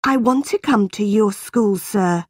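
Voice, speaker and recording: A woman's voice: medium pitch, a little slow, breathy edge, no room sound, clean studio sound. A woman voicing a defiant ten-year-old orphan girl. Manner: defiant, earnest.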